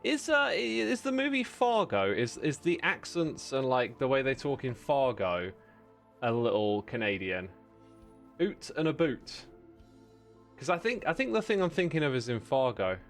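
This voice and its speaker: Lively-voiced man chatting on a game stream. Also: mid-range voice, moderate pace, vocal fry, faint music behind. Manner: rambling, self-deprecating, laughs often. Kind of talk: casual livestream chat while playing.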